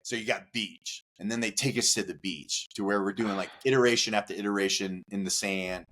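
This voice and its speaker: A man guest on a podcast, telling a rowdy story casually, with lots of "like" fillers, cursing and acted-out shouts. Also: fairly low pitch, fairly quick, a little hiss or hum. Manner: animated, profane, many "like" fillers, acts out shouts.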